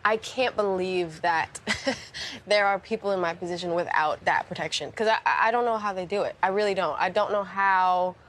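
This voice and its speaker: Soft-spoken young woman, halting. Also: on the low side. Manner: soft-spoken, halting, many restarts and fillers. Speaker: interview guest, musician. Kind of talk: casual radio interview chat.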